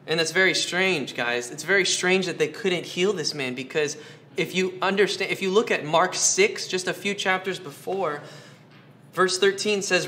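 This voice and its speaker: Bright-voiced man preaching a sermon. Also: sits high, moderate pace, slight background noise. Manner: earnest, rhetorical questions, repeats phrases. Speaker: pastor.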